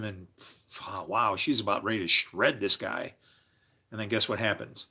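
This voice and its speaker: A man livestreaming, telling rambling personal stories in a loose, animated way, laughing and swearing freely as he jumps between tangents. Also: fairly low pitch, a little slow, long pauses, slightly rough. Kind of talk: casual rambling storytelling.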